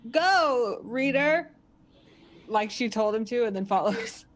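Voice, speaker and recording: A woman playing a tabletop game, making quick, upbeat remarks. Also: medium pitch, steady tone, a little mellow. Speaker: player.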